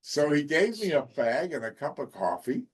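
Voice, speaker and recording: A man's voice: on the high side, big pitch swings, moderate pace, husky. A man on a comedy panel telling a long anecdote in a chatty, storytelling way. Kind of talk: comic storytelling.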